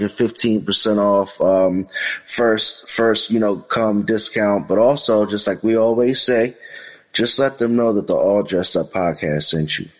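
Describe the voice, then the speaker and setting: A man's voice: fairly low pitch, rough recording. Easygoing guy on a podcast, chatty, plugging a business with fillers. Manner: relaxed, chatty, filler-heavy promo read. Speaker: podcast co-host. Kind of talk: casual podcast chat.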